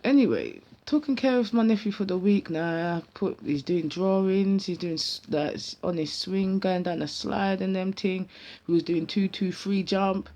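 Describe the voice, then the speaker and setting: Lively, heavy man. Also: high voice, moderate pace, highs cut off. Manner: animated, slangy, acts out each side of a dialogue. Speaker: vlogger. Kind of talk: casual storytelling.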